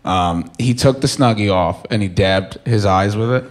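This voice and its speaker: A young man doing stand-up on stage, telling a story with lots of swearing and swinging between loud bursts and mumbles. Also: fairly low pitch, normal speed, a little hiss or hum. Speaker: stand-up comedian. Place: comedy stage before a live audience. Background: faint audience laughter.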